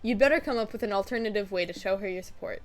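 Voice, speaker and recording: A woman's voice: mid-range voice, very fast. A woman streamer reading a game aloud with playful, giggly narration.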